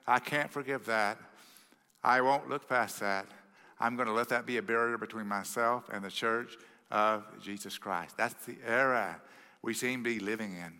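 Texan male pastor, bright higher voice, animated sermon, live church hall reverb. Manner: animated storytelling, acting out the quoted voices. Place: church sanctuary.

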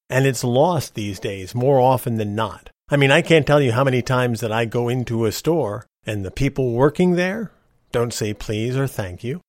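A man's voice: medium pitch, no echo. Folksy male podcaster, dry sound. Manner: folksy, opinionated, ranting. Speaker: podcast host. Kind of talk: personal storytelling monologue.

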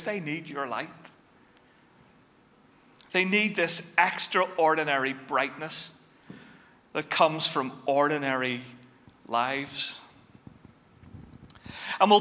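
Animated preacher man in a reverberant hall. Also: fairly high pitch. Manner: animated storytelling, shifting fast and slow. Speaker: pastor. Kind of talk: sermon.

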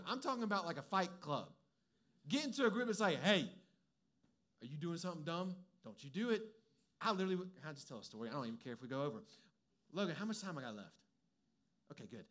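A man's voice: a little high, fairly bright tone. A young adult man giving a conversational, humorous sermon as a preacher, mixing personal stories with direct advice.

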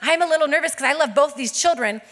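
A high, bright voice belongs to a woman pastor in her thirties delivering a sermon at a quick pace. Her storytelling is animated and energetic, with every character's lines acted out, and her delivery never loses its lively, expressive quality.

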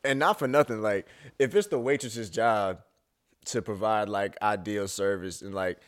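A man's voice: fairly low pitch, moderate pace. A young man co-hosting a podcast, chatting casually in a rambling way, full of fillers and slang. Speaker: podcast co-host. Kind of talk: casual chat.

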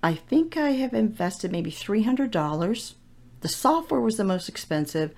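A woman's voice: mid-range voice, very animated, a little slow, darkish tone. A middle-aged woman chatting through her solo podcast from her home office mic, a self-mocking storyteller. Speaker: podcast host. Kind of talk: casual solo podcast monologue. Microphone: desk podcast microphone.

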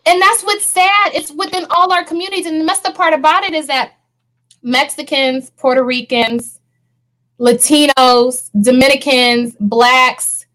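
High-voiced earnest woman co-host. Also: poor audio. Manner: earnest, animated, laughs often. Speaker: podcast co-host. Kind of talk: casual panel discussion.

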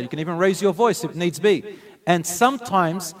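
A man's voice: on the high side, moderate pace. A man giving a sermon, earnestly telling stories and mixing in Arabic phrases. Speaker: preacher.

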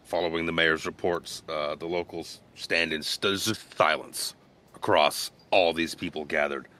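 A man's voice: a bass voice, fairly even intonation, measured pace, sharp tone. A man narrating a tabletop game as game master in a casual way with many fillers.

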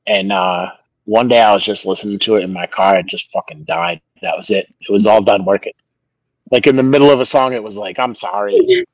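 A man's voice: lowish voice, brisk, dry recording, low-quality recording. A married man co-hosting a podcast from his porch, crude and joking. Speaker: podcast co-host. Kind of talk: casual banter. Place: outdoors on a porch.

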